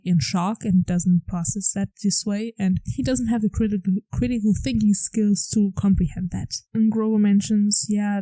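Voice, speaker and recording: A woman's voice: medium pitch, mellow, no echo, rough recording. A woman hosting a podcast, chatting enthusiastically through an episode recap with lots of "like" fillers. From grew up on a farm. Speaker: podcast host.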